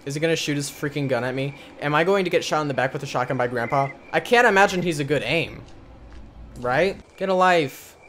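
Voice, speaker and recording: A man hosting a gaming channel, giving jokey let's-play commentary as he talks to the game and bursts into loud yells. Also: fairly high pitch, a little fast, slight background noise. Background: game music.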